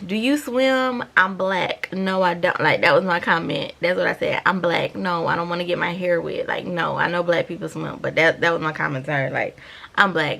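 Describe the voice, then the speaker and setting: Woman, 30s, low gravelly voice, animated storytime vlogger talking straight to viewers. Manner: animated, chatty, addresses viewers as y'all. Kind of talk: storytime vlog.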